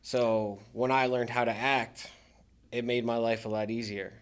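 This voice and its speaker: A man's voice: medium pitch, flat delivery, unhurried, clear, resonant tone. A man speaking as a podcast guest, a military veteran talking candidly about his recovery with dry sarcastic humor. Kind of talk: candid casual interview talk.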